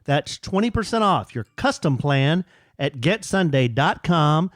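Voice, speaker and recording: A man's voice: a little high, big pitch swings, a little slow, dry recording, clean studio sound. A man co-hosting a podcast who chimes in with teasing questions and also reads an ad. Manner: teasing, short interjections. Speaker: podcast co-host. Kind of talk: casual chat.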